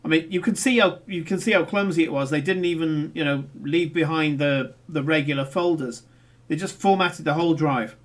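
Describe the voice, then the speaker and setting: A man's voice: on the high side, moderate pace. Man laying out plans as a player. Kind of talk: casual tabletop role-play.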